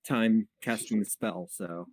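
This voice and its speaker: A man's voice: on the low side, measured pace, a little mellow, dry recording, low-quality recording. A man taking his turn as a player in a tabletop game, hesitant and polite, talking in stop-start phrases. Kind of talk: casual tabletop play.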